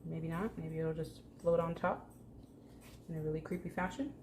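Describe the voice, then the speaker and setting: A low-pitched woman talks casually through her plant care, joking and chatting to the plants as she works. Her voice rings in an echoey room at home. A faint hum sits under it. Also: fairly even intonation, normal speed, darkish tone. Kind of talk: casual hands-on vlog chat.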